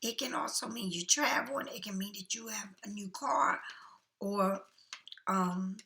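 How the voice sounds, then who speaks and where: A woman talks through a tarot spread in a soft, often half-whispered voice. Her tone is bright and carries a gravelly rasp. She stays chatty and reassuring, with a faintly tired air. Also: mid-range voice, unhurried. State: yawning, tired. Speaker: tarot card reader. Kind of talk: casual spoken tarot reading.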